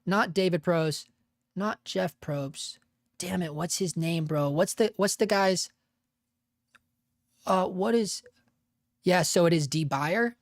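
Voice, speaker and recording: A man's voice: high voice, slow pace, long pauses, no echo, studio quality. A man hosting a casual live stream, laid-back and profane, laughing often and calling people dude and bro. He has an unusual voice that he uses for cartoon work.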